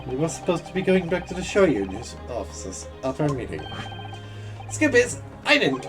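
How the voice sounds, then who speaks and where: A streamer voicing an excitable young male tabloid journalist who talks brashly and rambles on about his scoops, while reading a game's dialogue live. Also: medium pitch, moderate pace, over music, pitched below the performer's own voice. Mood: eager.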